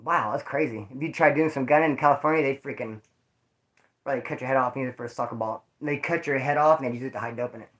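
A man's voice: mid-range voice, quick pace, a bit bright. A man casually telling stories to his viewers, rambling, jokey and full of swearing. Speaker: vlogger telling prison stories.

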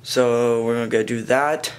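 A man's voice: medium pitch, steady tone, moderate pace, rough recording. A teenage male vlogger chatting casually to a handheld camera, rambling and circling back with "anyways" between thoughts. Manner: rambling, keeps saying "anyways". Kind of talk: casual vlog chat to camera. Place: partly outdoors in wind.

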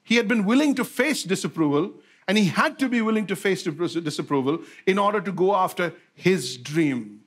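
A man delivering a sermon in a fairly high voice. He repeats his key lines for emphasis and fires rhetorical questions at the congregation, mixing fast and slowed-down phrases as he drives his point home. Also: animated, a bit bright. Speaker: pastor.

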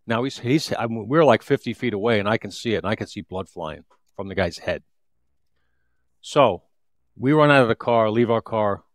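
A man's voice: lowish voice, dry recording, clean studio sound. A man in his fifties, a retired police detective, telling a street story in an interview with vivid, repetitive restarts.

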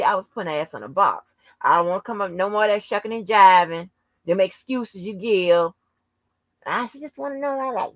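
A woman vlogger delivers a heated, profane rant straight to her audience, leaning hard on words for emphasis. Her voice is bright and cutting, and it sits close and dry with no room sound around it. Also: lowish voice, dry recording. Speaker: channel host. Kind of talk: casual rant to camera.

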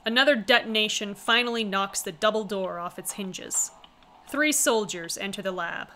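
A woman's voice: medium pitch, normal speed, sharp tone, slight background noise. A woman streamer reading a visual novel aloud, with wry, chatty asides in between. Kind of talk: casual reading with commentary.

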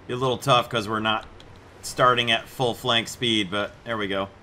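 A man with a bright, forceful voice talks loosely over his gameplay, chatty and amused. His pitch sits in the middle for a man. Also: fairly even intonation, moderate pace, slight background noise. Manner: chatty, amused, puts on mock accents for jokes. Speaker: gameplay video host. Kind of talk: casual gameplay commentary.

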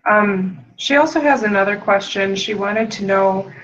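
A woman reads audience questions aloud, pausing often and filling gaps with hesitations. She speaks slowly. The audio is dull and lo-fi. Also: medium pitch, a bit bright. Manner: hesitant, with many fillers. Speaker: moderator reading questions.

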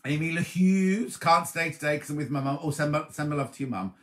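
A man hosting a casual live stream from home, chatting warmly and reading out viewers' comments, with a slight cough. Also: on the high side, a little fast. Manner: chatty, affectionate, reads viewers' comments aloud. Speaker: livestream host.

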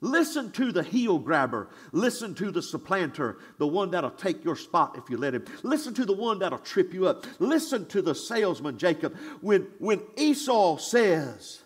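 A male pastor preaching a sermon in a church, swinging from shouted declarations to hushed asides in a folksy, conversational way. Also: high voice, very animated, husky. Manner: conversational, drawn-out and folksy, with audience call-and-response.

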